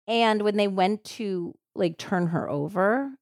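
A woman hosting a true crime podcast, retelling a case in a casual, animated way with lots of "like" fillers. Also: mid-range voice, slow pace, no echo, studio quality. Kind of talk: casual storytelling chat.

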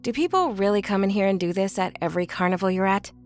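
A woman's voice: mid-range voice, expressive, fast talker, faint music behind, close to an everyday voice. An actress playing a skeptical, blunt young woman in an audio drama, impatient and mocking. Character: skeptical, brash young woman, older sister.

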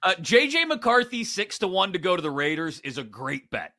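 Animated, bright-voiced man riffing on sports bets. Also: high-pitched, normal speed. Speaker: podcast co-host. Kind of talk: casual sports betting chat.

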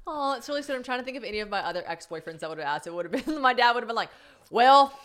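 A woman's voice: on the high side, expressive, rapid-fire, fairly bright tone. A young woman hosting a podcast, chatty and playful, laughing as she talks. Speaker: podcast host. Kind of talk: casual chat.

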